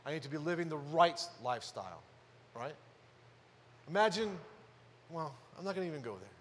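Male pastor, high pitch, chatty sermon delivery with loud emphatic peaks, hall reverb. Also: big pitch swings, brisk, a little hiss or hum. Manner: conversational preaching, rhetorical questions, rises to loud emphasis.

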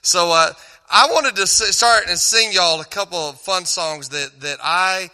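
A man's voice: sits high, measured pace, pushed and bright, big-room sound. A man with a Texan accent talking to a church crowd in a loose, rambling and joking way, stopping himself mid-sentence. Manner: rambling, joking, self-interrupting. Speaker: Christian cowboy singer and speaker. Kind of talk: casual stage talk at a church event.

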